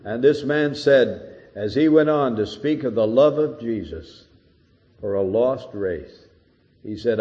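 A man's voice: mid-range voice, lively intonation, takes it slowly, mellow, in a large hall. An older man preaching an earnest expository sermon, rising to emphatic peaks, on a dull old recording.

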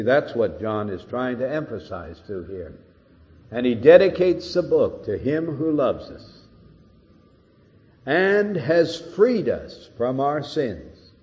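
Older preacher in an echoing hall. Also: male voice, mid-range voice, big pitch swings, slow, darkish tone. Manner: earnest, builds to emphatic peaks. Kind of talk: expository sermon. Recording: dull old recording in a reverberant hall.

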